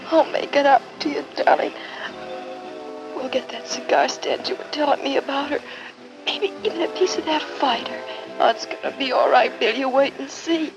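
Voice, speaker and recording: A devoted young wife, comforts her man in a soft, soothing, high voice. It comes through as a dull old film soundtrack with clear music playing behind. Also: moderate pace. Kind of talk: 1940s film acting.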